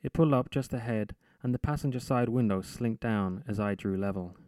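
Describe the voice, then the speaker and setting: A man reading his own short story aloud in a measured, deadpan narration. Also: on the low side, no room sound. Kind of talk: literary reading.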